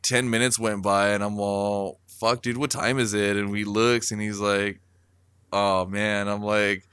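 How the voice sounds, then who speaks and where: Low, smooth-voiced man telling a rambling story. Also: a bit bright, no echo. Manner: rambling, profane, many fillers. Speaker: podcast co-host. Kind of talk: casual storytelling.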